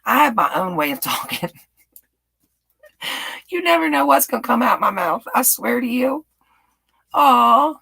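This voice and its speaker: Gravelly, husky Southern-tinged woman streamer. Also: a little high, very animated, unhurried, pauses often, pushed and bright, rough recording. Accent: light Southern US. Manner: chatty, gushing, laughs often. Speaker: YouTube live-stream host. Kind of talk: casual live-stream chat answering viewers. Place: home in Texas.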